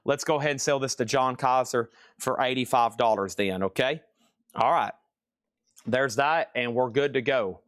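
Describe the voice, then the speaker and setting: A man's voice: mid-range voice, moderate pace, fairly bright tone, clear, resonant tone, no room sound, clean studio sound. A man hosting a live-streamed record sale. He chats and jokes like a salesman while calling out prices and buyers. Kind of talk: live auction sales patter.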